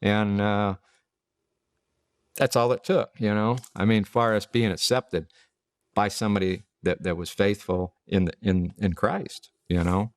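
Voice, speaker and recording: A man's voice: lowish voice, steady tone, a little slow, dry recording, clean studio sound. A man giving a casual, rambling personal testimony. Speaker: testimony speaker.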